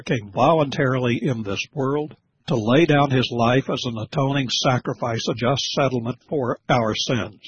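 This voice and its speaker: A male preacher delivers a sermon with a very husky, breathy voice, pressing his points with slow, scolding emphasis. The recording is dry and dull, with a muffled lo-fi sound. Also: medium pitch, dry recording.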